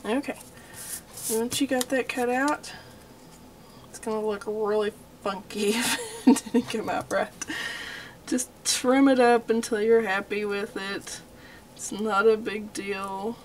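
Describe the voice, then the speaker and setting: A woman's voice: on the high side, fairly even intonation, slow, a little hiss or hum. A young adult woman with a Texan accent giving a homey, chatty crafting tutorial, full of y'all and okay. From Texas.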